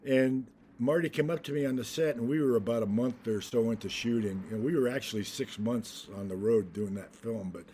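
A man's voice: mid-range voice, brisk, few pauses, a little hiss or hum. An older man, an actor being interviewed, telling stories with lots of restarts and laughter, acting out the voices he quotes. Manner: animated storyteller, acts out quotes, laughs often, many restarts. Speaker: actor guest. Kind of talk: anecdotal interview storytelling.

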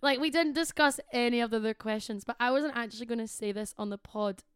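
A woman's voice: a little high, fast talker, clean tone, no room sound, clean studio sound. A young woman co-hosting a podcast, chatting casually and giggling, with lots of "like" fillers. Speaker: podcast co-host. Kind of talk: casual chat.

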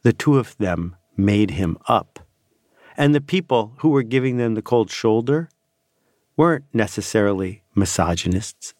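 Low, gravelly man narrating a podcast. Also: a little mellow, no room sound, studio quality. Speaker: podcast host.

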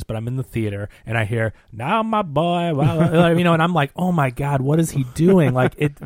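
A man hosts a casual podcast chat. He talks in an animated, emphatic way, leaning hard on his opinions. His mid-range voice is recorded dry and close. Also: mid-range voice, no room sound. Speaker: podcast host. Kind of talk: casual film discussion.

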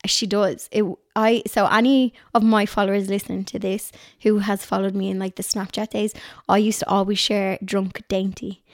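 A woman's voice: mid-range voice, normal speed, few pauses, no room sound, clean studio sound. A woman with a North Dublin accent, chatting casually as a podcast guest at home and telling stories with frequent laughter. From Ireland. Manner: lively storyteller, laughs often. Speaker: guest, lifestyle blogger. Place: her home.

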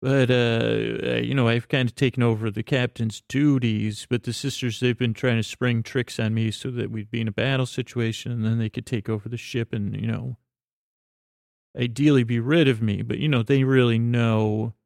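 A man telling a meandering, improvised bedtime story to a pen pal, halting often and filling gaps with fillers and restarts. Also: mid-range voice, fairly even intonation, gravelly, darkish tone, dry recording, studio quality.

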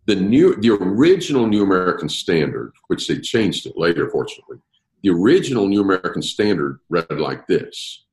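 A man's voice: low-pitched, a little fast, roomy sound, rough recording. A man leading an interactive Bible study, explaining verses and putting questions to his group. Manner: lively, asks the group questions. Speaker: Bible teacher.

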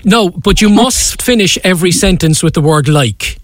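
A male radio host chats in a jovial, teasing way. His voice sits high for a man. It sounds close and dry, with no room around it. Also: lively intonation, normal speed, no room sound. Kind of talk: casual radio interview.

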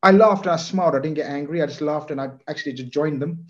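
A man chatting as a podcast guest, telling stories in an animated, rambling way. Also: a little high, fast, highs cut off. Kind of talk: casual football chat.

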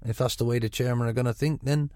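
A man's voice: mid-range voice, fairly even intonation, fast talker, darkish tone, dry recording, clean studio sound. A middle-aged football manager with a Gloucestershire burr, talking frankly in a radio interview, often restarting his sentences. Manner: frank, chatty, many restarts.

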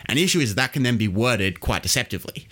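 A man's voice: medium pitch, animated, fast talker, a bit bright, soft background music. An Australian man hosting a podcast, explaining history casually and quizzing his co-host.

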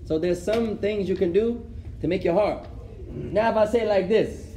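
High-voiced male teacher in an echoey room. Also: normal speed, dark tone, slight background noise. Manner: rhetorical questions, mixes Arabic phrases into English. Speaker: Islamic studies teacher. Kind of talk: classroom lesson. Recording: echoey room, faint ambience.

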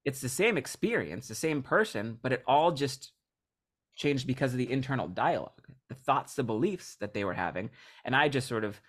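A male hypnotist talking as a podcast guest. He tells his stories with a lot of energy and slips into quick impressions of the people he's describing, both his audience members and himself on stage. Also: medium pitch. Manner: animated storyteller, acts out voices of people he describes. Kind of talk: casual podcast interview.

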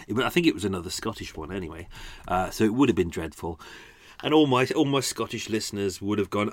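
A man's voice: mid-range voice, animated, fairly quick, no room sound. A man hosting a podcast, chatting casually with lots of fillers and self-deprecating asides. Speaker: podcast host. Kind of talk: casual chat.

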